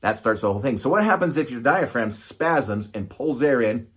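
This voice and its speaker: A man's voice: mid-range voice, lively intonation, normal speed, a bit bright, husky. A middle-aged man, a doctor, explaining medicine in a casual, conversational way and often checking in with "right?". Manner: conversational, asks "right?" often, gestures to demonstrate.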